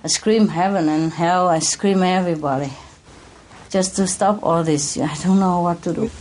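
A woman addressed as master, talking in a casual conversation, earnest and emotional, halting with restarts and soft laughs. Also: fairly low pitch, slight background noise.

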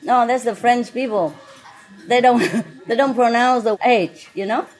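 A woman's voice: a little high, measured pace, soft background music. A woman hosting guests at her restaurant table, joking, laughing often and chatting in non-native English with bits of French. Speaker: restaurant owner and host. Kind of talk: casual dinner chat with guests. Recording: noisy dining room with clinking dishes.

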